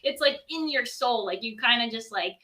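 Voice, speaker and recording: A young woman, a model, telling animated stories as a podcast guest, full of "like" fillers. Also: fairly high pitch, moderate pace. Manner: animated storytelling, many "like" fillers. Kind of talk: casual interview chat.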